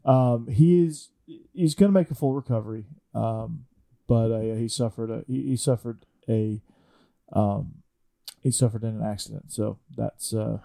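A man co-hosting a casual sports podcast. His voice is mellow and dark. He speaks in halting bursts full of fillers. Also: on the low side, gravelly. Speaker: co-host, Georgia fan.

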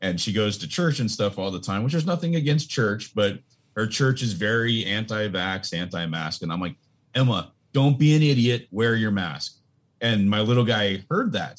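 Husky low-voiced podcast host. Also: male voice. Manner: laid-back, laughs often, asks quiz questions. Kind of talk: casual podcast chat.

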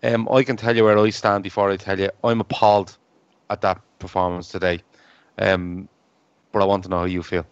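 A man's voice: low-pitched, little pitch movement, brisk, smooth, no echo. A man hosting a casual football podcast with his mates, swearing freely and teasing the others. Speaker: podcast host. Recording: dull, dry lo-fi sound.

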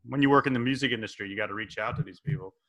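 A man in his forties hosting a podcast, chatting casually in a jokey, animated way. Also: lowish voice, rapid-fire, lo-fi sound. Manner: jokey, animated, slips into impressions. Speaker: podcast host. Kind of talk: casual chat.

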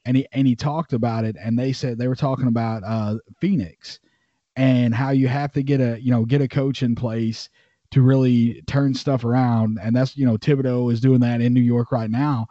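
A man with a mellow, mid-pitched voice talks through a sports podcast in a halting way, with plenty of "you know." The audio is dry and a bit muffled. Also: fairly even intonation, dry recording. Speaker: podcast co-host. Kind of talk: casual sports podcast chat.

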